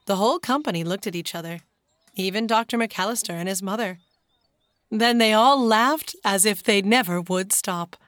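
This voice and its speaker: Woman narrator, calm and even, close dry recording. Classic audiobook read. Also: medium pitch, moderate pace, no room sound.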